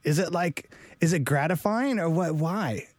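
A man's voice: fairly high pitch, unhurried, dry recording. A man co-hosting a podcast in casual chat, joking and often restarting his sentences. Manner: jokey, stammering restarts.

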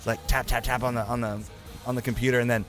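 A male podcast host whose voice is raspy from the flu. He talks in a rambling, self-mocking way, with faint music in the background. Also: mid-range voice, level tone, fast, fairly bright tone. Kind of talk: casual podcast chat.

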